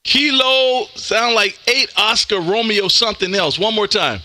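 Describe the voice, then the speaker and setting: A man from Texas, a ham radio operator streaming live, talking loud and energetic as he makes contacts and calls "man" after almost every phrase. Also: high voice, unhurried, very noisy. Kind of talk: on-air radio contacts and chat. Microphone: close studio mic with headphones.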